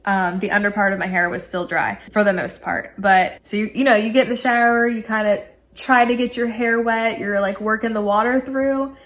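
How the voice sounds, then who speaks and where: A woman in her thirties casually telling a story to camera, animated and laughing, acting out her own excited quotes. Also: medium pitch, normal speed. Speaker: vlogger.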